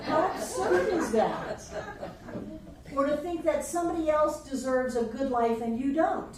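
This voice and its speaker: A woman's voice: high-pitched, unhurried. Playful woman teacher in echoey room. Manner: playful, acts out quoted inner voices, laughs often. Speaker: spiritual teacher. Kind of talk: class lecture. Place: classroom with a live group. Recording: echoey room from far off, faint noise.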